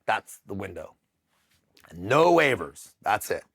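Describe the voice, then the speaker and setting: A middle-aged man with a low, gravelly voice tells his story in a loose, unscripted interview. He talks bluntly and swears freely, often stopping and restarting his sentences. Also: big pitch swings, fairly bright tone. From United States. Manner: profane, blunt, halting restarts. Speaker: interview guest. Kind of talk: casual storytelling.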